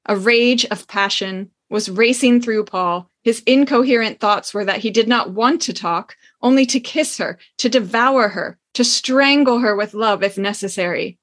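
A woman's voice: mid-range voice, moderate pace, few pauses, a bit bright. A woman hosting a podcast, chatting playfully and reading a passage from a novel aloud. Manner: playful, laughs often. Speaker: podcast host.

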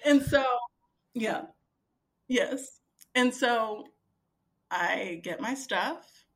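A woman in her thirties with a slightly high voice talks extremely slowly as a podcast guest, telling a story casually. She animatedly acts out others' words in dialogue, and her speech is full of fillers.

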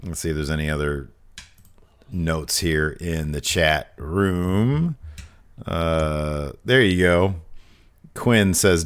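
A man co-hosting a casual live show, reading viewer questions aloud and laughing often. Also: a bass voice. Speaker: podcast co-host reading chat questions. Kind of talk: casual chat.

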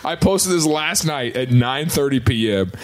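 A man's voice: medium pitch, animated, measured pace. Amused man telling a prank story. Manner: amused, laughs often. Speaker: podcast co-host. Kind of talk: comedic storytelling.

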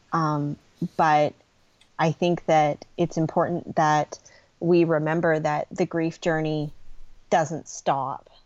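A middle-aged woman, a guest on a podcast, speaking earnestly and gently about grief support, with frequent pauses and ums. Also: low voice, no echo, highs cut off. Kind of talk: podcast interview conversation.

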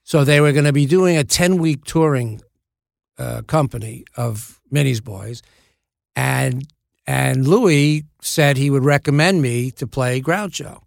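An older man speaks with a gravelly, creaky edge into a dead, dry studio microphone. He spins stories from his acting life in a self-deprecating way, acting out the other people's lines as he goes. His pitch sits in an ordinary middle range. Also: a little slow, no room sound. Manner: self-deprecating, acts out quoted dialogue. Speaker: actor guest. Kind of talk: anecdotal storytelling in a podcast interview. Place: podcast studio.

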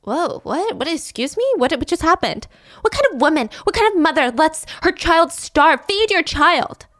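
A woman's voice: expressive, moderate pace, a bit bright, dry recording, clean studio sound. A woman voicing an indignant bakery worker who scolds a mother. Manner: scolding, shrill.

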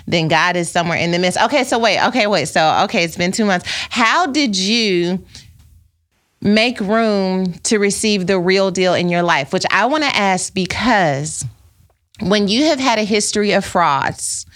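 A woman's voice: mid-range voice, measured pace, fairly bright tone. A woman hosting a casual faith-based conversation, who breaks in with emphatic, preachy asides to her listeners. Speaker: host.

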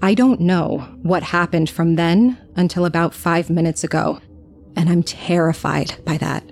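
A woman's voice: fairly low pitch, steady tone, unhurried, gravelly, darkish tone. A young woman narrating a scripted horror story in the first person, diary-style, anxious and confessional.

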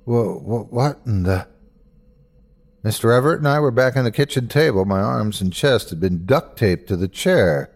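A man hosting and narrating a dramatic horror story in an expressive, measured way that builds suspense. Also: mid-range voice. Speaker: host and narrator.

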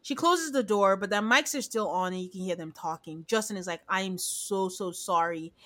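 A married woman co-hosting a podcast, chatting casually and retelling scenes with lively quoted voices. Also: medium pitch, moderate pace. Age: adult. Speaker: podcast co-host. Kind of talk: casual recap chat.

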